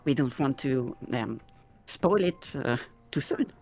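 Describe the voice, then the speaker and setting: A woman's voice: a bass voice, expressive, takes it slowly, darkish tone, soft background music. A woman playing a tabletop game, talking hesitantly with many fillers. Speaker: player. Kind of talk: tabletop role-play.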